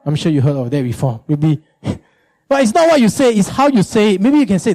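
A male pastor preaching a sermon, animated and emphatic, often repeating words for effect. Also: a little fast. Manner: animated, emphatic, jumps into high mimicking.

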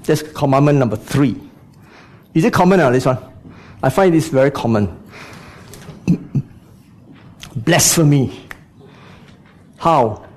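A man's voice: mid-range voice, expressive, slow, pauses often. A man preaching a sermon, speaking to the congregation with frequent rhetorical questions and "you know" asides.

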